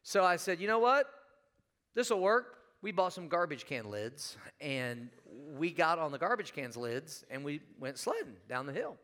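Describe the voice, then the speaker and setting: A man's voice: fairly high pitch, sing-song, moderate pace, hardly any pauses, fairly bright tone. A middle-aged man preaching a sermon in church, telling a funny story and putting questions to the congregation. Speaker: pastor. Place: church sanctuary.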